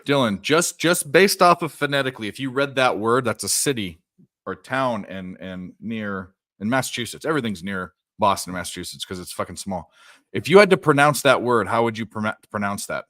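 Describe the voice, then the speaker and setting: This co-host of a live betting stream speaks on the low side, animated and fairly quick, with a bright, forceful tone. His casual desk-mic chat is rambling, profane and jokey, pausing for reactions to the games, recorded cleanly with no room sound.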